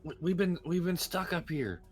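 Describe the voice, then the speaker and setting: A woman's voice: fairly low pitch, lively intonation, moderate pace, a little mellow, soft background music, pitched above the performer's own voice, natural voice. A man voicing a weak, starving woman stranded with her crew, who stammers and pleads. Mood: pleading.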